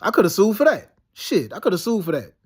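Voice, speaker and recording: A man with a notably high speaking voice talks in a loose, rambling monologue. He circles back on himself with restarts, fillers and street slang like "yo" as he tells his story. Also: big pitch swings, fast, slightly rough. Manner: slangy, peppered with "yo" and "you know what I'm saying". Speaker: vlogger recounting dreams and past events.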